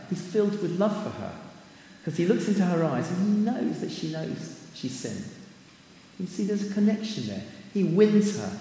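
A man preaching a sermon in a relaxed, chatty way, breaking into scripture quotations and little asides. His voice sits a touch higher than most men's. It rings out through a large echoing hall with a long reverb tail. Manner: conversational, with fillers and asides, quoting scripture. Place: church hall.

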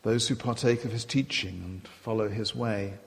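A man giving a sermon, retelling and quoting scripture in a measured, reflective way. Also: on the low side, fairly even intonation, vocal fry, in a large hall. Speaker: preacher.

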